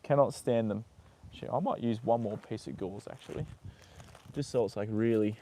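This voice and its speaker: A man's voice: lowish voice, moderate pace, warm tone, a little hiss or hum. A man live-streaming casually as he tends a horse's leg, muttering, swearing and chatting to viewers and the animal. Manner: swears freely, mutters while working, talks to his horse. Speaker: livestreamer caring for a horse.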